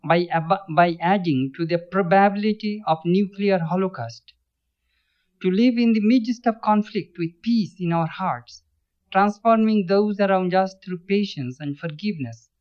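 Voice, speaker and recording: High-voiced man giving a spiritual talk. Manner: measured, thoughtful pacing with frequent restarts. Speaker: swami teaching scripture. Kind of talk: spiritual talk explaining scripture. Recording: dull lo-fi recording.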